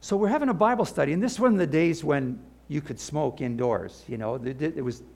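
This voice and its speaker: An older man preaching a sermon, animated, with asides and the odd laugh, and a gravelly voice. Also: a little high, fast talker. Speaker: pastor.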